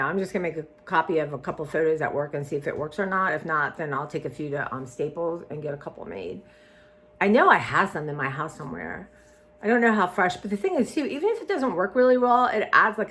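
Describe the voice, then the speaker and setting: A woman's voice: lowish voice, lively intonation, quick pace, a bit bright. A woman chatting casually to her viewers, meandering with lots of ums and restarts. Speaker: vlogger. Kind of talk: casual rambling chat to viewers.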